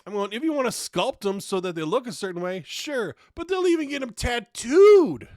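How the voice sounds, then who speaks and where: A man's voice: very high voice, very animated, normal speed, darkish tone, dry recording, clean studio sound. A man hosting a podcast, delivering a profane comedic rant with heavy swearing and exasperated outbursts. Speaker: podcast host.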